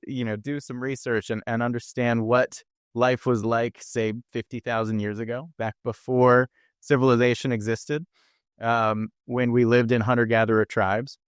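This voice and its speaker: A man appears as a podcast guest in a conversational interview, explaining ideas earnestly. His mid-range voice is smooth and level, at a moderate pace, recorded in clean studio sound with no echo.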